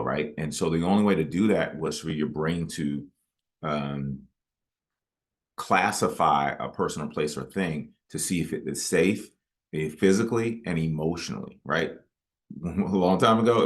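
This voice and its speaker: A man, a guest author in a webinar interview, explaining his ideas with stories and asides. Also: a bass voice.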